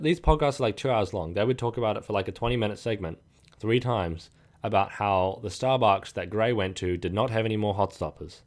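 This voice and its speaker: A young man hosting his own podcast, talking casually and rambling with lots of fillers and restarts. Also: lowish voice. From New Zealand. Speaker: podcast host. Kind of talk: casual solo podcast talk.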